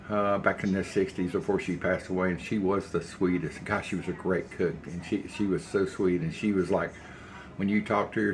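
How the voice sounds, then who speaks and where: A man's voice: deep voice, gravelly, slight background noise. An older man, rambling folksy stories as he cooks in his home kitchen. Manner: rambling, folksy storytelling while cooking. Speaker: cooking channel host. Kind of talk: casual cooking vlog chat.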